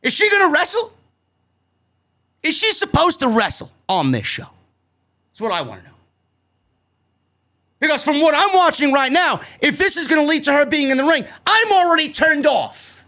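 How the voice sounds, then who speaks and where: A man with a New York accent reviewing a wrestling show in a loud, sarcastic, profane rant that breaks into shouts. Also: extremely high pitch, big pitch swings, normal speed, pauses often. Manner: loud, sarcastic, swears a lot, shouts often.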